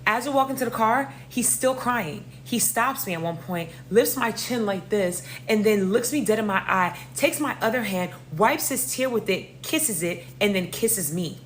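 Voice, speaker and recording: Animated young New woman telling a story. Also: mid-range voice, normal speed, few pauses, a little hiss or hum. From New York. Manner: animated, slangy and profane, addressing listeners as y'all. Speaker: storyteller host. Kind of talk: casual storytime vlog.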